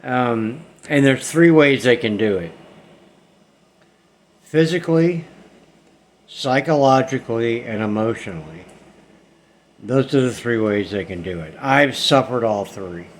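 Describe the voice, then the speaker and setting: A man hosting his own channel, telling his paranormal experiences in a plain, casual way that often trails off quietly. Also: medium pitch, expressive, a little slow, long pauses. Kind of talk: casual first-person storytelling. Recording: faint background noise.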